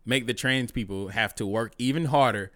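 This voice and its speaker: A man's voice: medium pitch, normal speed, no room sound, studio quality. A man co-hosting a casual talk show, opinionated and provocative, swearing freely and often breaking into laughter. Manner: loud, provocative, profane, laughs and shouts. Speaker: podcast co-host.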